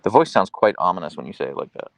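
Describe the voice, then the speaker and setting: A man's voice: deep voice, very animated, very fast, creaky, dry recording. A man hosting a casual live stream, chatting easily as he answers viewers' questions. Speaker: livestream host reading chat.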